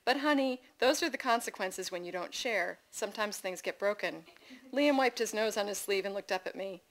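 A middle-aged woman reads her own family stories aloud at a literary event. She keeps it lively, slips into amused asides to the room, and raises her pitch when she voices her children. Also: normal speed, rough recording. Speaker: author reading from her memoir. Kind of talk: live reading of personal essays. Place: festival reading event before an audience.

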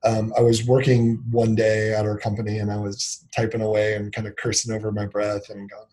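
Mellow-voiced man telling candid stories. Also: fairly low pitch, monotone. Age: 30s. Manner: reflective, filler-heavy, acts out dialogue in quick bursts. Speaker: company CEO, guest. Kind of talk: candid interview storytelling.

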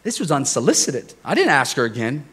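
A man preaching a relaxed, conversational sermon to his congregation, telling personal stories with frequent chuckles and questions to the crowd. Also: mid-range voice, a little fast, slightly rough. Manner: jokey, chuckles often, asks the congregation questions. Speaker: pastor. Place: church service before a congregation.

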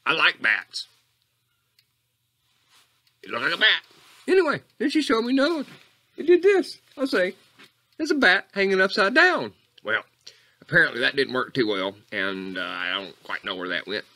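A man doing rambling Coach Catfish, wildly swinging pitch. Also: big pitch swings, normal speed, pauses often, sharp tone, heavily acted. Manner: rambling, tangent-prone, jumps between squeaky highs and low mutters. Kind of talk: comedic character monologue.

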